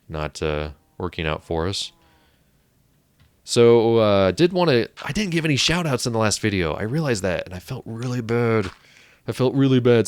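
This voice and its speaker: Deep-voiced man rambling over gameplay. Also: smooth, no room sound. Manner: rambling, chatty, self-interrupting. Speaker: let's play host. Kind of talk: casual gameplay commentary.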